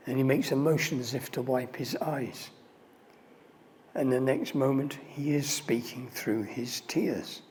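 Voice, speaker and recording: An older man speaking as a mentor and relaxed, conversational storyteller. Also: mid-range voice, slight background noise. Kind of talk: storytelling talk.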